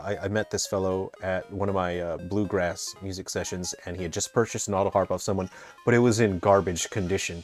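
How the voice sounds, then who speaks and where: A man with a deep, low voice chats through his gameplay as a game developer. He wanders off into long explanations and keeps restarting and correcting his words. Soft game music plays quietly underneath. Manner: rambling, digressive, explains terms at length; frequent restarts and self-corrections. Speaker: game developer playing and commenting. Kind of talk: casual gameplay commentary.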